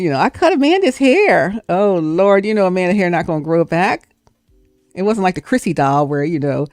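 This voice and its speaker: A woman hosting a livestream, telling a story in a chatty, animated way. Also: deep voice, no echo, studio quality. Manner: chatty and animated, breaks into laughter. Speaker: livestream host. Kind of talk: casual storytelling.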